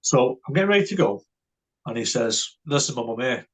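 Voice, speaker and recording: A man's voice: medium pitch, lively intonation, brisk, husky. A man, a podcast guest telling a story in a casual way. He stammers and restarts often and keeps tagging his lines with "right?" and "mate".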